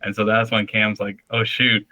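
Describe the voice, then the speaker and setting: Flat, bright-toned young man recounting. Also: on the low side, moderate pace, no echo, poor audio. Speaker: podcast guest. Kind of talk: casual storytelling.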